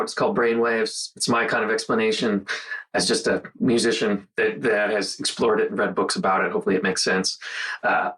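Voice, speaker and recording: A man hosting a casual mindfulness monologue, talking earnestly and guiding the listener through slow counted breathing. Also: medium pitch, fairly bright tone, poor audio. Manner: earnest, conversational, guides breathing with counted pauses. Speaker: host.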